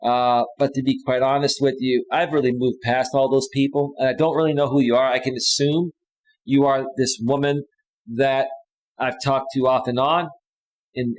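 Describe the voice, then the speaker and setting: A man's voice: medium pitch, rough recording. A man hosting a live stream, reading viewer comments aloud and answering them bluntly and dismissively. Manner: blunt and dismissive, with frequent restarts.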